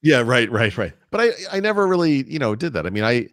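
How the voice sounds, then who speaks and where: A man's voice: medium pitch, big pitch swings, fairly quick, fairly bright tone, dry recording, studio quality. A middle-aged man co-hosting a podcast, chatting casually and rambling through long asides with many restarts. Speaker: podcast co-host. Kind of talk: casual chat.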